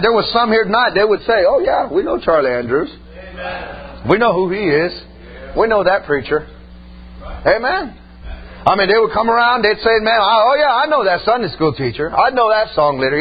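In a very animated, high voice at a moderate pace, a male preacher spins folksy stories in his sermon, repeatedly punctuating them with "amen" and "man". The sound is dull and lo-fi, with a faint hum underneath.

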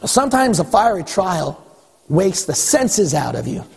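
A man preaching a sermon as pastor, animated, acting out exchanges with God. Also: high-pitched, measured pace, creaky, breathy edge. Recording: echoey hall with long reverb.

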